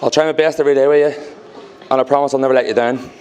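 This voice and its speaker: A young man giving a groom's wedding speech to guests at a reception, halting with many ums, turning teary between jokes. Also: medium pitch, fairly even intonation, a little mellow.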